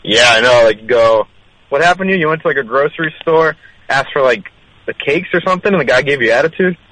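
A man's voice: mid-range voice, lively intonation, quick pace, pushed and bright, poor audio. A man calling in to a radio show, chatting casually and hesitantly with lots of fillers. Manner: laid-back, hesitant with fillers. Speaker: caller. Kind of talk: casual phone-in chat.

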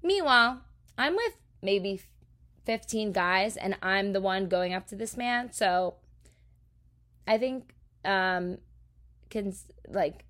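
A woman from New Jersey, a podcast host, telling a story in a casual, animated, profane way. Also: mid-range voice, unhurried, long pauses.

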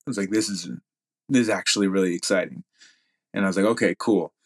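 A man's voice: low voice, fast. A man speaking as a podcast guest, telling a story in a rambling way with lots of fillers and restarts. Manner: rambling, many fillers and restarts, laughs while talking. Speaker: podcast guest, jiu-jitsu athlete. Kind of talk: casual storytelling.

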